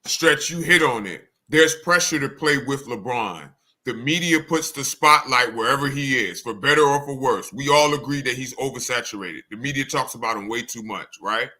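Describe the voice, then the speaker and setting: A man's voice: mid-range voice, normal speed, sharp tone. A man co-hosting a sports podcast, laying out a reasoned, methodical argument. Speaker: podcast co-host. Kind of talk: sports debate monologue.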